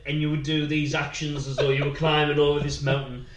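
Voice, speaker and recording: A man in his thirties from North East England, an actor chatting casually and telling animated stories. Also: a little high, brisk, hardly any pauses, echoey room, poor audio. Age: 30s. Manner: animated storytelling, acts out rhymes. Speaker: actor guest. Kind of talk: casual chat.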